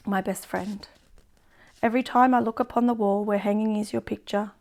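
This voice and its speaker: Woman reading poetry in a flat voice. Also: mid-range voice. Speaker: poet reading her own book.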